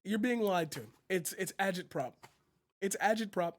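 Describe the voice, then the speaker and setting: A man's voice: high-pitched, normal speed. A man ranting heatedly in a political vlog, profane and emphatic, repeating his phrases for force. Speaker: channel host.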